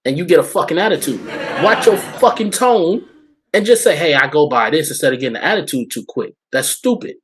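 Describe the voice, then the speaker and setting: A blunt man ranting on a podcast, swearing constantly. His voice sits slightly high for a man, and he storytells with exasperation. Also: very animated, brisk, husky. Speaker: podcast co-host. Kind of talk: casual chat.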